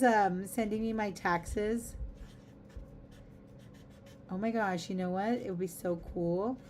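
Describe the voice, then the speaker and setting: A woman's voice: mid-range voice, a little hiss or hum. A middle-aged woman hosting a craft livestream, chatting casually and giggling through rambling asides as she works. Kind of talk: casual chat while crafting.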